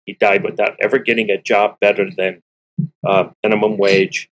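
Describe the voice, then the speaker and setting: A middle-aged man telling a personal story as an interview guest, earnest and candid, clearing his throat often and restarting his sentences. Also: fairly low pitch, level tone, moderate pace, poor audio.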